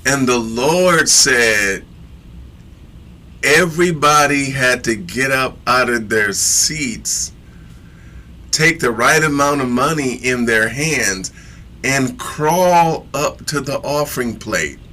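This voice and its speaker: A man's voice: mid-range voice, expressive, slow, sharp tone. A man teaching from scripture in a casual sermon, reading verses aloud and breaking in with slangy, emphatic asides and repeated phrases.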